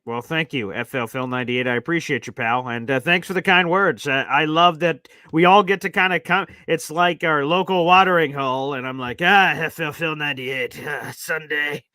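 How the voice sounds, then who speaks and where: A man hosting a live call-in talk show, chatty and animated, often acting out his callers. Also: a little high, smooth, no room sound, clean studio sound. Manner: animated, acts out callers in quick impressions. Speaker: host.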